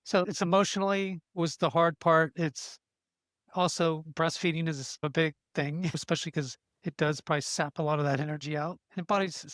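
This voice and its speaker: A man's voice: fairly high pitch, fairly bright tone, dry recording. A middle-aged man hosts a casual interview, chatty and encouraging, rambling with restarts. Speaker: podcast host.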